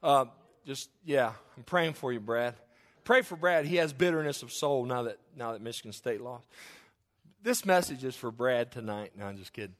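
A man's voice: mid-range voice, animated, normal speed, fairly bright tone. A middle-aged man preaching a sermon as pastor, folksy and conversational, with joking asides and frequent restarts.

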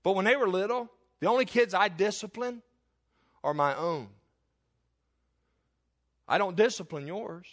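Delivering an impassioned sermon, a middle-aged pastor appeals to his congregation and poses rhetorical questions to them. His high, slightly bright voice keeps a measured pace with long pauses.

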